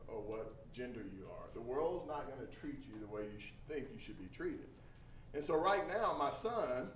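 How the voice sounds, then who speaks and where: A middle-aged man from Texas, a trainer giving a lively storytelling talk to a group. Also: mid-range voice. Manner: animated storyteller, acts out quoted voices. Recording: echoey room from a distance, faint hum.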